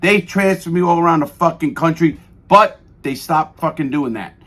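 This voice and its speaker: Profane, animated middle-aged man. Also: a little high, moderate pace. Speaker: guest. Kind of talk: radio interview storytelling.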